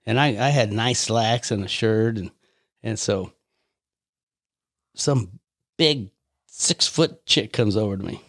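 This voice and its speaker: An older man from the United States, a podcast guest telling anecdotes in a lively way, repeating words and laughing often. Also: fairly low pitch, takes it slowly, no echo, clean studio sound. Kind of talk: casual storytelling chat.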